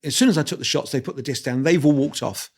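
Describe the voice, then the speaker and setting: A man in his sixties, a guest on an interview show, telling lively stories against himself, acting out the voices and laughing as he talks. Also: mid-range voice, fast talker, husky. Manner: lively anecdotal storyteller, acts out dialogue; self-deprecating, laughs while talking. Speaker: guest photographer. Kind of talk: storytelling interview.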